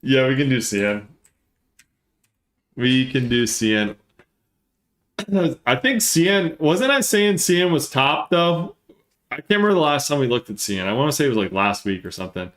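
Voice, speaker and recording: Reading charts live on his stream, a northern New Jersey market analyst thinks out loud, fast and excited. His mid-range voice picks up a bit of echo from the room.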